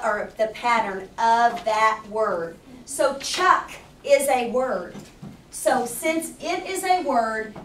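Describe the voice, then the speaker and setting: A woman teaching a third grade spelling lesson, asking the class question after question and slowing down to explain each rule. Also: a little high. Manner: patient, questioning, slows down to explain. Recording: roomy, distant, noisy classroom recording.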